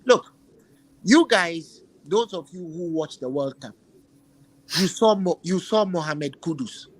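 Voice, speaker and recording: A man's voice: on the high side, lively intonation, takes it slowly, slightly rough, poor audio. A man hosting a football chat, giving emphatic opinions and repeating phrases while he searches for words. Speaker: football podcast host.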